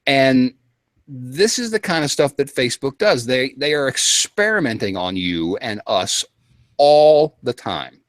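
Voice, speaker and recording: A man telling a long story to a panel in a casual, animated way, acting out quotes and getting worked up. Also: mid-range voice, measured pace, no room sound.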